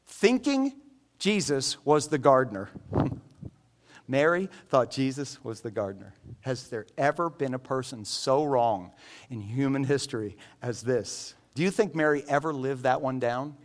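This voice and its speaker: A man preaching a sermon in an animated, joking storytelling manner. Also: mid-range voice, a little slow. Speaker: pastor.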